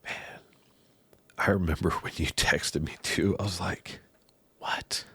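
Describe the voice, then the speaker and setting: A man in his forties hosting a podcast, talking softly and gently, with some hesitation. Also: sits low, fairly even intonation, a little slow, husky, no room sound. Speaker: podcast host. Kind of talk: reflective conversation.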